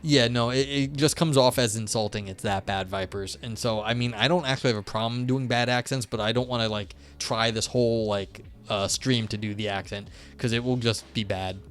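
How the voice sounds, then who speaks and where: A man's voice: mid-range voice, steady tone, brisk, hardly any pauses, a bit bright. A man streaming live, reading a philosophy paper aloud and chatting with his viewers in a loose, self-deprecating way.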